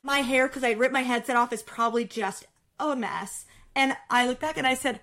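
Woman, bit high voice, telling a work story, super animated, acting out people. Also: normal speed. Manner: animated, acts out quotes, laughs while telling. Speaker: production supervisor, guest. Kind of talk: casual storytelling in an interview.

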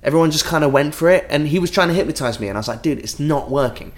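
A man co-hosting a comedy advice podcast in crude, animated banter. His voice swings widely in pitch and sits a touch high. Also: very fast. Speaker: podcast co-host. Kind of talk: casual comedy chat.

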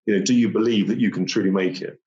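A man tells a gripping personal story at a rapid clip. His voice sits a little low, and he repeats phrases and acts out key moments. The recording sounds roomy and slightly muffled. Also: fairly even intonation, dark tone.

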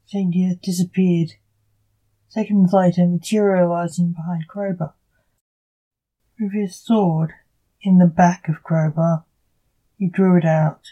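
A woman reading her own story aloud as storyteller, in a slow, even amateur reading. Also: fairly low pitch, rough recording.

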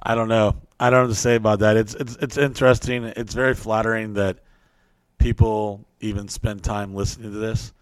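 A man hosting a podcast, telling stories in a casual, profane, animated way. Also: on the low side, brisk, no echo. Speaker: podcast host. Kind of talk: casual storytelling chat.

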